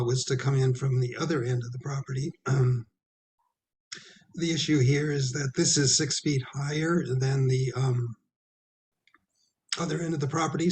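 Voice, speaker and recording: A man presenting a design at a town planning meeting, halting with many ums and repeated throat clearing as he is losing his voice. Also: mid-range voice, darkish tone. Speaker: architect presenting to a planning commission. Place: town hall meeting room.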